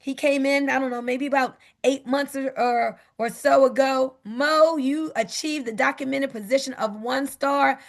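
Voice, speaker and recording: Woman, video call sales pitch, upbeat, high pitched, gravelly. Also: steady tone, moderate pace, hardly any pauses. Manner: upbeat, repeats "guess what".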